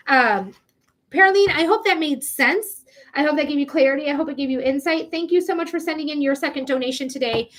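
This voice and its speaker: A woman with a high voice runs a live tarot reading from a home stream. She talks in a chatty, emphatic way and swears now and then. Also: brisk. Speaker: psychic reader, livestream host.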